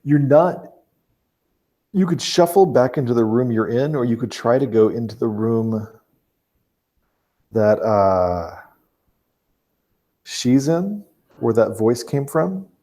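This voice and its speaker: A man narrating a tabletop role-playing game as game master, talking haltingly with fillers and restarts. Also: mid-range voice, expressive, warm tone.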